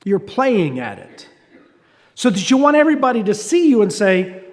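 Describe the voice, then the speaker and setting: Male pastor, conversational sermon delivery, high and lively, church hall reverb. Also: normal speed. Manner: conversational preaching with restarts and asides.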